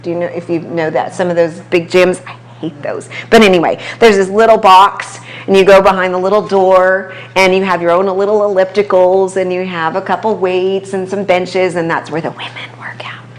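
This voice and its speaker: A woman with a slightly low voice, a personal trainer talking casually to a small group in an office. She tells client stories in a chatty way, full of quick asides. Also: fairly even intonation. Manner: conversational storytelling, quick asides. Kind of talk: casual talk to a small audience. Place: chiropractic office.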